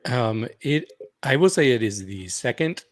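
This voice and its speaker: A man co-hosting a casual podcast, talking through a reality show in a relaxed way. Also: medium pitch, measured pace, no echo. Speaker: podcast co-host. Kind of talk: casual recap chat.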